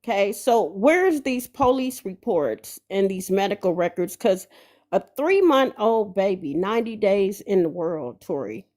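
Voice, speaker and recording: A woman's voice: mid-range voice, very animated, measured pace, a little mellow. A woman speaking as a guest on a live stream, pressing pointed questions and repeating the other person's name. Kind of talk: confrontational questioning.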